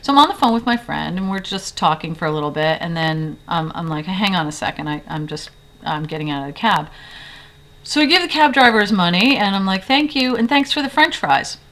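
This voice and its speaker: New woman rambling into her camera in her bedroom, kinda low voice, lots of ums and restarts. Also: lively intonation, brisk, fairly bright tone. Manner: rambling, lots of fillers and self-corrections. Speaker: video blogger. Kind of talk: casual storytelling to camera. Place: bedroom in an old house.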